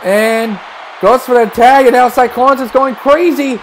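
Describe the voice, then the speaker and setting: A man calling wrestling play-by-play, excitable and breaking into shouts at big moves. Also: extremely high pitch, unhurried, slight background noise, low-quality recording. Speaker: play-by-play commentator.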